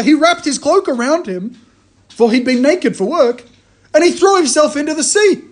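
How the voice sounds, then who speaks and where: Guy with a high voice preaching casually, tells it like a story, keeps restarting his sentences. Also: normal speed. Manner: animated storytelling, frequent restarts. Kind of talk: conversational sermon.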